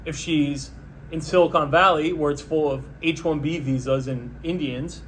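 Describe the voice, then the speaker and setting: Male host, slightly higher register, deadpan sarcastic monologue, faint hiss behind. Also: normal speed. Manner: sarcastic, mocking, deadpan pitching. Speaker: podcast host. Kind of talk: solo comedic political rant.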